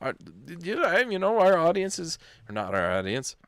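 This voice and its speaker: A man's voice: high voice, huge pitch swings, normal speed, clean tone, no echo, studio quality. A man co-hosting a podcast in casual chat, easygoing, laughing along and laying out his theories. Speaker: podcast co-host.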